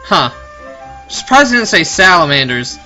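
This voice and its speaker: Bright-voiced, chatty reaction host, joking asides, faint music behind. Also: mid-range voice, big pitch swings, normal speed. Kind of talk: casual commentary over a cartoon.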